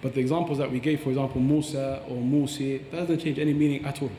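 A man's voice: mid-range voice, steady tone, quick pace, dark tone, a little hiss or hum. Man teaching in an echoey hall. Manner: explanatory, recites Arabic phrases. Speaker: Quran teacher. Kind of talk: podcast explanation. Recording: echoey hall with long reverb.

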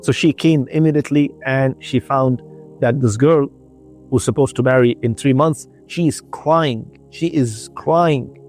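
Male preacher for a radio reminder; earnest storytelling in slow, broken-up phrases over faint background music. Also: medium pitch, darkish tone. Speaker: religious speaker.

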